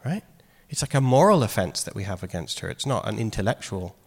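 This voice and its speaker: A man preaching a sermon in a casual, animated way, acting out quoted lines. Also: lowish voice, brisk. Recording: long hall reverb.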